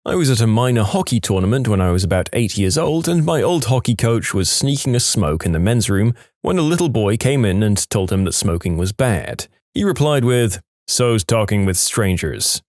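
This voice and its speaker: A man's voice: mid-range voice, brisk, few pauses, dry recording, clean studio sound. A man reading funny short stories aloud as a narrator, with wry asides and acted-out quotes. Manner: lively storytelling, acts out quotes, wry asides. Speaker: storytime narrator.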